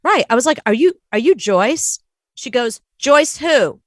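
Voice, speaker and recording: Woman co-host, lively storyteller, slightly high voice, dry close sound. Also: moderate pace, dry recording. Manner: animated, acts out quoted voices. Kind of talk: casual storytelling chat.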